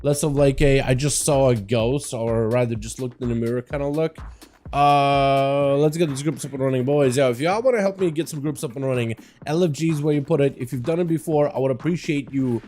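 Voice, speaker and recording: A man's voice: mid-range voice, a little fast, a little mellow, soft background music. A young man hosting a casual gaming livestream, rambling in slangy talk and greeting chat by name while sounding tired. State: tired, no coffee. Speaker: livestream host. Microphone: desk mic in front of green screen.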